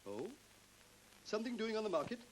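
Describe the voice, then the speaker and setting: A man's voice: sits high, sing-song, a little fast, poor audio. An actor playing a jovial, joke-telling man-about-town in a 1930s film. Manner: jovial, chuckling, clubby banter. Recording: faintly hissy 1930s film soundtrack.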